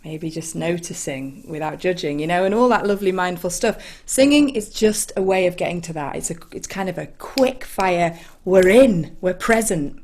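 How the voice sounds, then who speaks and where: A woman with an English accent leading an online singing session from home, gentle and encouraging, with reflective mindful asides. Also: lowish voice, lively intonation, normal speed, few pauses. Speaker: choir leader.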